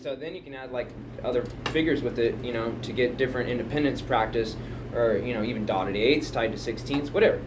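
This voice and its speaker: A man's voice: medium pitch, fairly quick, heavy background noise. A man casually explaining a drum pattern, rambling and chatty, counting beats aloud at home. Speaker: drum teacher. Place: home music room. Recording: home room, mic picking up loud drum kit from a distance.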